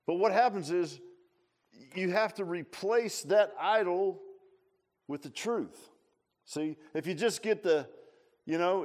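A man preaching in a relaxed, talky way, circling back on his own words and slipping in small jokes. His voice sits a touch higher than most men's. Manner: folksy, repeats and restarts phrases, humorous asides. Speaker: pastor. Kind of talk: conversational sermon.

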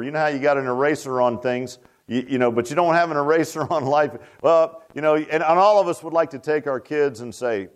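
Folksy preacher, higher-pitched. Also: male voice, fairly quick. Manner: folksy, repetitive, rising to emphatic bursts. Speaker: pastor. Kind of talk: sermon.

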